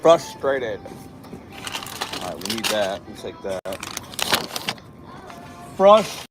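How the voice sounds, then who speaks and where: A man live streaming from a grocery store, complaining and coaching himself out loud. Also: low-pitched, fairly even intonation, a little fast, over music, rough recording. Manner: frustrated, self-talk, dramatic complaints. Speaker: livestreamer. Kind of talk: live stream while shopping.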